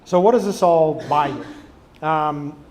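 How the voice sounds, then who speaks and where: A man speaking from a conference stage in a loose, conversational way, full of fillers and restarts. His voice sits a little high, and he acts out quoted customers with lively voices. A faint hum runs behind him. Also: takes it slowly. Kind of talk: conference talk.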